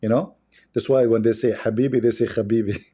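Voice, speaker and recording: Man, mocking and mellow. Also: medium pitch, little pitch movement, fast. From Arab world. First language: Arabic. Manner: sarcastic, repetitive, chuckling asides. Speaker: livestream host. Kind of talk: mocking livestream commentary.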